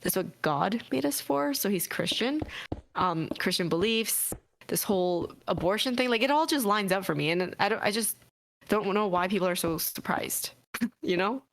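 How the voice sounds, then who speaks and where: A woman co-hosting a live stream, talking in an animated, emphatic casual way. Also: mid-range voice, moderate pace. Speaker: co-host. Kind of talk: casual chat.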